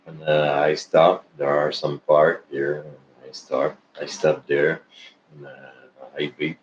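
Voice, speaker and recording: This is a man talking casually to his online followers in a deep, low voice. He speaks slowly, rambling and halting, and restarts his sentences often. The sound is dull and lo-fi, with a faint hiss behind it. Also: a little mellow. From Canada. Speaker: vlogger. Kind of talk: casual personal chat to followers. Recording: dull lo-fi recording with faint noise.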